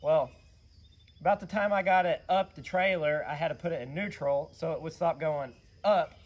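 Hoarse male vlog host, slightly high, animated rambling delivery. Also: moderate pace. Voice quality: raspy. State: hoarse from yelling. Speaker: channel host, custom car builder. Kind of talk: casual vlog storytelling.

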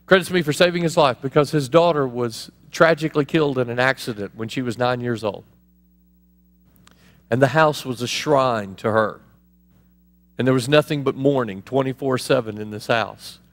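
A male pastor preaching in a lively, conversational way, with laughs and asides to the congregation. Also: mid-range voice, normal speed. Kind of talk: sermon. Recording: long hall reverb.

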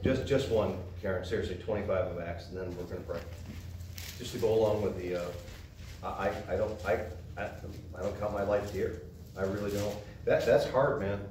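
A man's voice: sits low, a little fast. Pastor, male, joking storyteller; distant, echoey church sound with noise. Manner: joking, animated storytelling, loud when excited. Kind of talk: sermon with humorous anecdote. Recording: echoey church room from far off, background noise.

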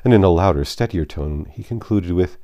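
A man reading a classic novel aloud, measured and expressive. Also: low-pitched, no echo, clean studio sound. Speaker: audiobook narrator.

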